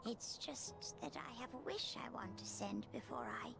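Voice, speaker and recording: A woman voicing a frail, gentle elderly female cookie in a game, speaking in a creaky, breathy half-whisper. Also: on the high side, animated, music in the background. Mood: wistful. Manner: soft, slow and tender. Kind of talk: game voice acting.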